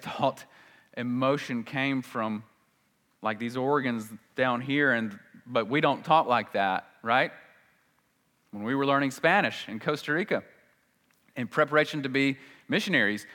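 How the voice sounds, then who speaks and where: A man's voice: mid-range voice, moderate pace, sharp tone. A man preaching a sermon as a pastor, talking in a conversational way and often asking the congregation rhetorical questions. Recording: long hall reverb.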